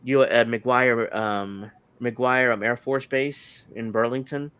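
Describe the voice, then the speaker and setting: Man, podcast host, from New Jersey, smooth resonant voice, dry close sound, halting news reading. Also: medium pitch, steady tone, a bit bright, no echo. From New Jersey, United States. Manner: halting, many ums while reading. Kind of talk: casual political chat, reading news aloud.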